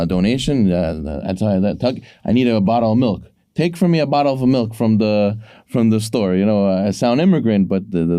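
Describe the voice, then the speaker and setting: Low mellow-voiced man giving a Torah lesson. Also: no room sound, studio quality. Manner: preachy, storytelling, acts out quotes. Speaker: co-host. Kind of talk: casual sports talk, giving a short Torah lesson.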